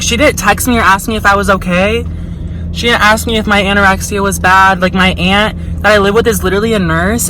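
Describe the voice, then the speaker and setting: A young woman vlogger tells a story in a casual vlog, her medium-pitched voice pushed and bright. She's chatty and frank, swearing heavily, filling her talk with "like," and putting on voices when she quotes people. The audio is poor, with a slight hiss or hum.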